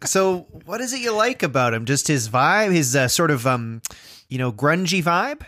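A man's voice: a little high, sing-song, normal speed, bright, forceful tone. A male podcast co-host in casual chat, talking in a wry, joking way.

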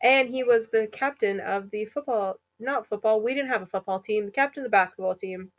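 A woman's voice: medium pitch, fairly quick, highs cut off. A woman in her twenties co-hosting a casual podcast chat. She laughs often and slips into joking put-on accents. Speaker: podcast co-host.

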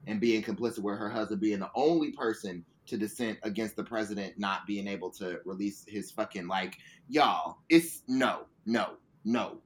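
A man's voice: on the low side, moderate pace, hardly any pauses, a little hiss or hum. A man co-hosting a podcast, chatting casually with a profane, emphatic delivery. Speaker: podcast co-host. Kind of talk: casual chat.

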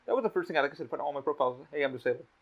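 A man's voice: on the high side, lively intonation, very fast, vocal fry. A young man hosting a podcast, telling rambling stories with lots of swearing. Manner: heavy swearing, rambling storytelling. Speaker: podcast host. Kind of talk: casual podcast chat. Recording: dull lo-fi podcast audio.

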